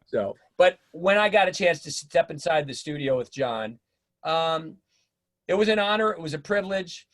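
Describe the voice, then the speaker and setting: A middle-aged man telling stories in a casual interview, animated and acting out the voices of people he quotes. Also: fairly high pitch, moderate pace. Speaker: drummer and teacher, interview guest.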